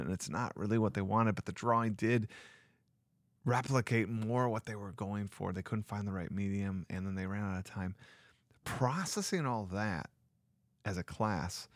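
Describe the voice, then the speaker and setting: A man's voice: fairly low pitch, no room sound. A man who teaches sixth grade, reflecting on his class in an earnest, rambling solo podcast talk on a close mic. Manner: earnest, rambling with restarts and asides.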